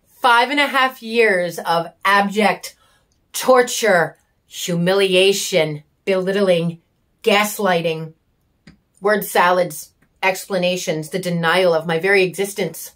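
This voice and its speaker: A woman's voice: mid-range voice, slow, pauses often, a bit bright. A woman giving an emotional personal monologue, raw and intense, with bitter sarcasm, frequent swearing and emphatic repetition. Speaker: vlogger sharing her story.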